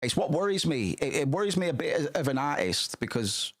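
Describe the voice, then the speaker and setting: A man's voice: fairly high pitch, very animated, fairly quick. Rambling, swearing man. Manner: rambling, profane, many restarts. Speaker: streamer. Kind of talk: casual stream chat.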